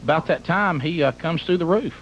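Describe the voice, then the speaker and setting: A man's voice: a little high, a little fast, fairly bright tone. A middle-aged man, hosting a radio show and telling a comic story in a rambling, exaggerated way that piles up details. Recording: muffled broadcast with faint hum.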